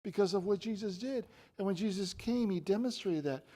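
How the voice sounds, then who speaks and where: An earnest male preacher with a high voice delivers a sermon. He drops to soft, intimate tones, then climbs into emphatic, raised declarations. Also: a little fast. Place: church.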